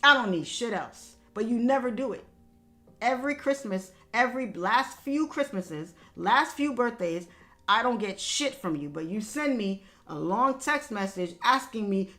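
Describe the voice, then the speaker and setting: A woman's voice: medium pitch, expressive, moderate pace, sharp tone. A young woman livestream host telling a personal family story in casual talk, candid and emphatic, swearing freely. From Haitian family background.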